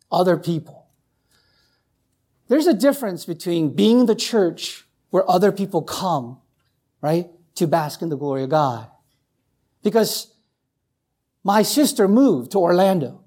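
Preaching to his congregation, this pastor leans on repetition and frequent "right?" questions. His volume rises to near shouts, then drops to hushed, low lines.

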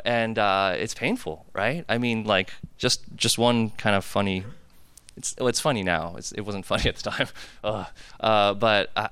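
His voice is on the low side, sharp and clean, captured in a dry recording. A pastor in his thirties from the United States, he delivers a casual personal sermon in a hall with a cafeteria, conversationally recounting confessional stories peppered with "like" and "right?".

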